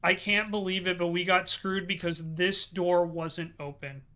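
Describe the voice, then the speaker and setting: A man's voice: sits high, flat delivery, a little slow, bright, forceful tone. A man hosting a let's play video, commenting as he plays and sighing and lamenting his setbacks with repeated dismay. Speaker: gaming video host.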